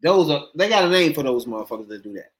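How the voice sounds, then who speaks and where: A man in casual chat, lively and profane, laughing often as a podcast co-host. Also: a little high, quick pace.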